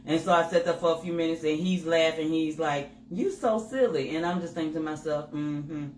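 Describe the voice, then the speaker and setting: A woman's voice: low-pitched, brisk. Woman co-host chatting about her marriage, acts out her own thoughts, echoey room with a little hiss. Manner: animated storytelling, acts out her own inner voice. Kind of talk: candid couple's chat to viewers. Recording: roomy with faint noise.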